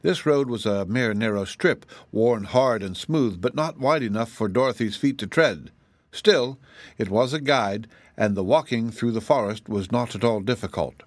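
A man narrating a children's storybook in a steady, measured reading. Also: medium pitch, no echo.

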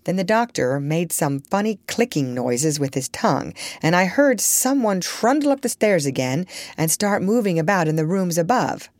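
Brief: low, animated female audiobook narrator, close dry studio read. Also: normal speed, few pauses, no room sound. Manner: expressive, storytelling. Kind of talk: scripted storybook narration.

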